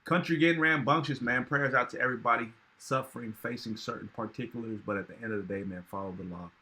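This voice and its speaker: A man's voice: medium pitch, fast talker, pushed and bright. A man hosting a reaction video, talking in casual, emphatic commentary with slang and repeated phrases.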